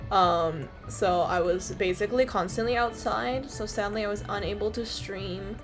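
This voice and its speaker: A woman's voice: medium pitch, normal speed, music in the background. A young woman from Canada, chatting casually to her stream viewers in a rambling, filler-heavy way and swearing freely.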